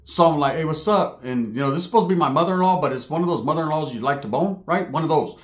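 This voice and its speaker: Man, comic storyteller, crude slangy delivery, higher register. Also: racing. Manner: slangy, crude, laughing asides. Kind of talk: comedic storytelling. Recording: roomy echo.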